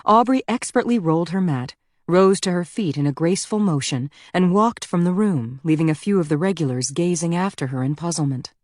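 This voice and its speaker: A woman narrating a thriller audiobook in a measured, even storytelling delivery on a close mic. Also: lowish voice, no echo.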